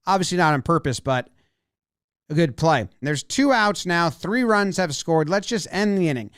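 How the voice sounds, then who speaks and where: A man giving an animated video breakdown of a baseball game, acting out what the players might be saying. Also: fairly high pitch, moderate pace, smooth, dry recording, clean studio sound. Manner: animated, acts out players' imagined lines.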